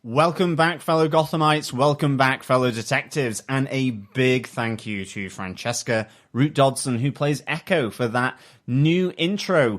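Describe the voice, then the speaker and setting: Upbeat male podcast co-host. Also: mid-range voice. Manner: enthusiastic, halting with many fillers. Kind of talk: casual review chat.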